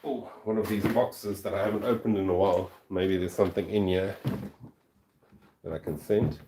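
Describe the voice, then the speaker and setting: A man's voice: deep voice, steady tone, moderate pace, warm tone, a little hiss or hum. A man from South Africa with a South African accent, chatting casually on a livestream as he packs fossils, easily delighted and laughing often. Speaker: fossil collector and channel host. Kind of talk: casual livestream chat while packing.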